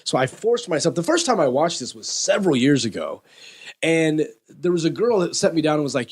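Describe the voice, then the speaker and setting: A man from Texas is a guest on a podcast, telling stories with animated energy. His voice sits a little high and swings widely. He chats in a loose, casual way. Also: brisk, husky. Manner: animated storyteller. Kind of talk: casual chat.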